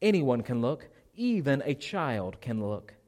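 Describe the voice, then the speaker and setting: A man's voice: medium pitch, very animated, a little slow. A man voicing a thin, plain-spoken lay preacher who keeps urging his hearers in a fervent, repetitive way. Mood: earnest. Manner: fervent, repetitive, rising to shouts.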